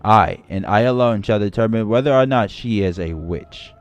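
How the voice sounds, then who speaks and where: A man's voice: on the low side, moderate pace, lo-fi sound, faint music behind, natural voice. A man voicing a stern, zealous male judge who hunts witches, cold and commanding, as he reads a game story aloud on a livestream.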